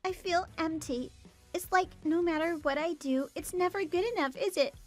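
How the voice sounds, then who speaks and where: A woman's voice: very high voice, moderate pace, faint music behind. A woman voicing a young daughter-in-law in a dramatized story, blunt and talking back. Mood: despondent. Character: young wife, worn down then defiant.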